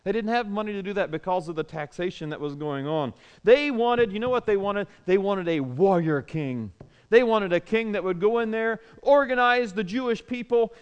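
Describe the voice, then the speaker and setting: A pastor preaching an animated sermon, full of rhetorical questions, moving between loud and soft. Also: male voice, sits high, smooth, highs cut off.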